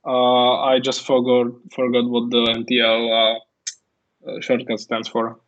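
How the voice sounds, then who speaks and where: A man's voice: mid-range voice, monotone, unhurried, fairly bright tone. A man with a Czech accent, speaking as the guest at a live-streamed tech talk over a video call. He explains in a hesitant way, with many fillers and restarts. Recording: dull lo-fi call audio.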